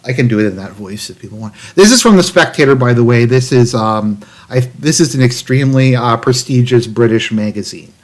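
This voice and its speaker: A man's voice: medium pitch, animated, brisk, hardly any pauses. Sarcastic man rambling on a livestream. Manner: sarcastic, rambling with many fillers and restarts. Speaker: political commentary streamer. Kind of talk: livestream commentary reading an article aloud.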